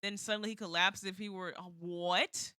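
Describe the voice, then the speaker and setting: Bright-voiced woman streamer reading dramatically. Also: medium pitch, fairly even intonation, fairly quick, clean tone, dry recording. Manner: dramatic reading broken by flustered, exasperated asides. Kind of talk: reading a visual novel aloud on stream.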